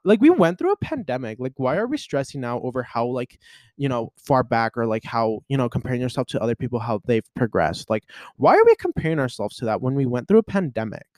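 A young man in his twenties rambles through a casual solo podcast, stacking up fillers as he vents. His pitch swings a great deal and leaps up when he gets worked up. The recording is dry and close, with no room sound. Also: a little mellow, no room sound. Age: 20s. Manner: rambling and chatty, full of "like" and "you know" fillers; emotional and venting, with sudden jumps in pitch. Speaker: podcast host.

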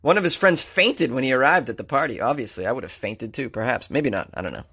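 A man's voice: medium pitch, animated, fast, pushed and bright, slightly rough. A man from Massachusetts hosting a comedy show, riffing sarcastically on strange news stories and laughing at his own jokes.

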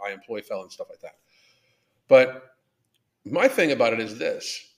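A man of middle pitch hosts a live podcast and talks bluntly, swearing often. He rants and reads out viewer chat in a loose, casual way. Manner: profane, blunt, ranting. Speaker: podcast host. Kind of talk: live-stream rant reading chat.

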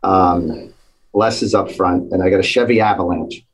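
A man telling a lively anecdote in casual conversation, acting out the quotes. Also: low voice, normal speed, breathy edge, poor audio. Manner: animated storytelling, acts out quotes. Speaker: storyteller, former police officer.

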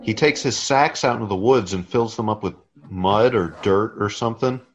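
A man's voice: lowish voice, normal speed, lo-fi sound, faint music behind. A man co-hosting a casual movie watch-along, making laughing asides. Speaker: movie commentary co-host.

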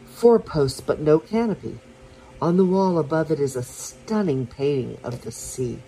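A woman reading a romance story aloud for her podcast, soft and unhurried, with small slips and restarts. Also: sits low, animated, a little hiss or hum, low-quality recording.

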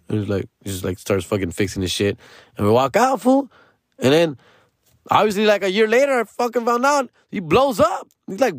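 A man's voice: fairly high pitch, very animated, a little fast, dry recording, clean studio sound. A man, telling a rambling personal story in casual slang as a comedian. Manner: slangy, rambling, peppered with "dog" and "fool".

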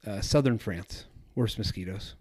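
A man's voice: lowish voice, measured pace, a little mellow, slightly rough. A man hosting a travel podcast, chatting casually in a rambling, self-correcting way. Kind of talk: casual solo podcast talk.

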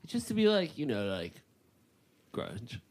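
A man's voice: medium pitch, unhurried, crowd noise. A young man co-hosting a podcast, rambling in casual chat with lots of filler words. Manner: rambling, filler-heavy, animated. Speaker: podcast co-host.

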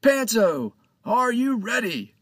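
A man voicing a cheerful, loud pirate captain who shouts his lines, in a storybook reading. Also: extremely high pitch, very animated, slow, no echo, studio quality, voice pushed up, heavily acted. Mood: booming jolly. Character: jolly booming male pirate captain.

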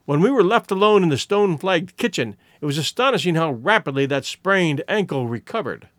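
A man narrating a story in an expressive audiobook reading. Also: fairly high pitch, a little fast, no echo, studio quality.

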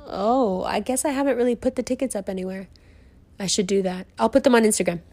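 A woman's voice: mid-range voice, quick pace, darkish tone. A woman hosting her own live stream in a casual motivational monologue, bubbly and gushing, swearing freely and filling her talk with "like". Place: sitting on a velvet couch in a room full of bamboo.

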